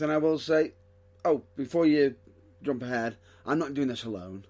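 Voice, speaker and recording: A man's voice: mid-range voice, normal speed, hardly any pauses, darkish tone. A man hosting a casual wrestling podcast, joking and rambling and correcting himself as he talks. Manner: jokey, rambling, self-correcting. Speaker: podcast host.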